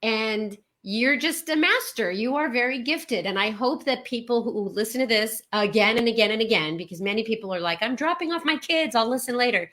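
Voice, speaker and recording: A woman's voice: on the high side, animated, a little fast, hardly any pauses, a bit bright. A woman hosting a call who chats casually and pours out effusive praise for her guest. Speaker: call host. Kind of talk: casual chat.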